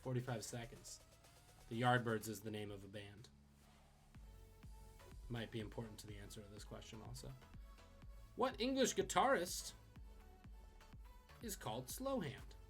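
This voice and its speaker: A man hosting a live-streamed trivia quiz, reading questions and tossing in quick joking asides. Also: medium pitch, animated, soft background music. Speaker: trivia host.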